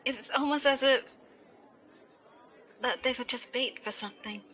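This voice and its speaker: A woman playing a tabletop role-playing game, talking in an animated, worried way. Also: high-pitched, normal speed, rough recording. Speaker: player.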